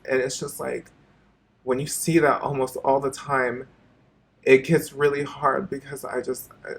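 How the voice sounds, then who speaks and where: A man with a gravelly, husky voice speaks straight to his camera in a raw personal confession. He talks in halting, looping phrases and swears often. His pitch sits in an ordinary middle range. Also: level tone. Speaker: vlogger.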